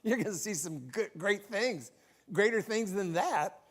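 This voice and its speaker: Preacher doing jesus talkin to a follower, calm n sure, lifted high voice. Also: male voice, unhurried. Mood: emphatic. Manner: raised, emphatic retelling. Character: Jesus, a calm, assured grown man speaking to a follower.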